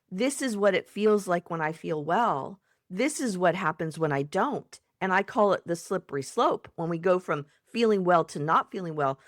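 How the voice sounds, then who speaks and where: Gentle woman psychotherapist giving advice. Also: mid-range voice, no echo, studio quality. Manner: gentle, acts out soothing self-talk. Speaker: psychotherapist and coach guest. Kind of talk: warm conversational advice.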